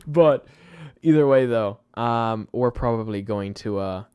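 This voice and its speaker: A man's voice: medium pitch, unhurried, a little mellow, clean tone, dry recording, studio quality. A tired man hosting a late-night live stream, chatting to his viewers in a rambling way with frequent laughs and restarts. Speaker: YouTube channel host. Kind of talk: casual live-stream chat.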